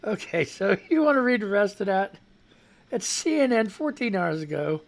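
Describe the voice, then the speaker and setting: A man's voice: high-pitched, big pitch swings, moderate pace, vocal fry. A man hosting a live radio show, reading news stories aloud and mocking them with sarcastic, profane commentary; his voice is a bit off. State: voice not quite right.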